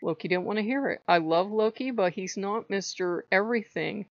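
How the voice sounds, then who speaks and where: A woman's voice: mid-range voice, moderate pace, no room sound. A woman hosting a casual spiritual vlog, talking in a rambling, chatty way and swearing now and then. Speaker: channel host. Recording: dull lo-fi dry sound.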